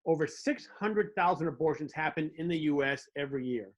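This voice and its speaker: A man's voice: on the high side, expressive, a little fast. A man hosting a comedic monologue, telling wry stories with little mock dialogues. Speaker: host.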